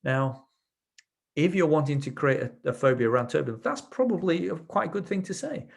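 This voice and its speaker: A man's voice: a little high, big pitch swings, brisk, vocal fry, slightly rough. A man teaching a webinar as a trainer, explaining his ideas through anecdotes from his sessions, with frequent restarts. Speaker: NLP trainer. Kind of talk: webinar lecture.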